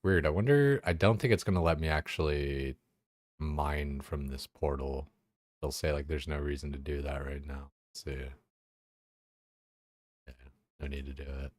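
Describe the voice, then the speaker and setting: A young man with a deep, low voice chats casually while he plays a game. His talk rambles, packed with fillers and swearing. The recording is close and dry. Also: fairly even intonation, normal speed, long pauses, darkish tone, no room sound. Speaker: game streamer. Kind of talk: casual chat while gaming.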